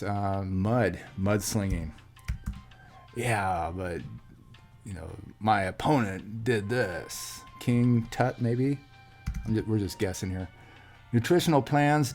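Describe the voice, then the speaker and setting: Male host, low-ish voice, slow casual puzzle chat with fillers. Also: a little mellow, soft background music. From USA. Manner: thinking aloud, many fillers and restarts. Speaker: crossword solver host. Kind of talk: casual solo puzzle commentary.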